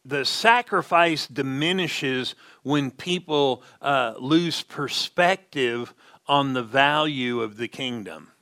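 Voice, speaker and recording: A male pastor preaching with a bright, forceful voice. He speaks slowly and deliberately, drawing out the words he wants to land and asking his listeners if they are following. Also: mid-range voice. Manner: emphatic preaching, slows down to stress key words, asks the congregation questions. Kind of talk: sermon.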